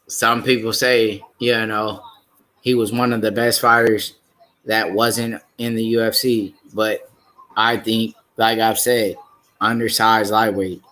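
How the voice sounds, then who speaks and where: A man's voice: fairly low pitch, pushed and bright. A man previewing an upcoming fight on a live stream, talking casually and hesitantly with many fillers and restarts. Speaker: fight commentator.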